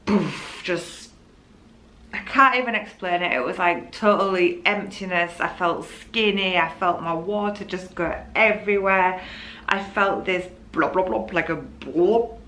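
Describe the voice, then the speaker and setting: Young woman, bright forward tone, low-pitched, emotional candid vlog storytelling. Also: a little hiss or hum. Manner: emotional, candid, rambling with restarts. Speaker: vlogger telling her birth story. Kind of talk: casual personal storytelling.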